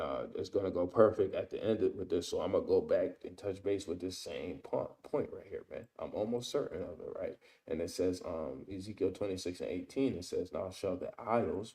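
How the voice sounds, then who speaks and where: A man's voice: low voice, warm tone. A man teaching a casual Bible lesson, reading verses aloud and explaining them, often tagging his sentences with "man" and "right?". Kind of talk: informal scripture study lesson.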